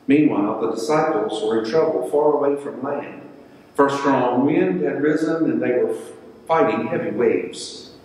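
A male pastor giving a sermon and reading scripture in a measured, deliberate way, sometimes repeating words. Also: medium pitch, a little mellow. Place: church sanctuary. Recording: echoey church hall from far off.

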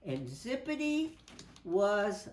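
Slow, animated woman reading storybook. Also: medium pitch, reverberant. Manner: animated, drawn-out, voices for characters. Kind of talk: children's storybook read-aloud. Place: indoors at home.

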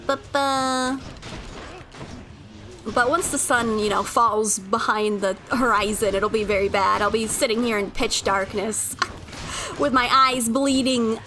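A woman chatting casually as she streams a game from her room at home, playful and quick to giggle. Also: a little high, sharp tone, slight background noise. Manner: giggly and playful, laughs often. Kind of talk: casual live-stream chat while gaming. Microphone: desk mic at a home streaming setup.

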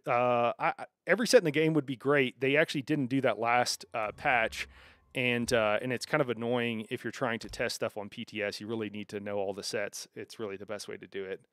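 A man's voice: medium pitch, a bit bright, no room sound, clean studio sound. A man streaming a game, talking casually with viewers and reacting to their chat, with many fillers and restarts. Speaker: gaming streamer. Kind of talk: casual live-stream commentary.

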